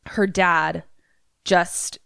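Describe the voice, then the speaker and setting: A woman co-hosting a podcast who recaps a movie in casual chat, animated and swearing now and then. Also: fairly low pitch, extremely slow, creaky, smooth, no echo, studio quality. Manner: animated storyteller, swears casually, acts out lines. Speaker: podcast co-host.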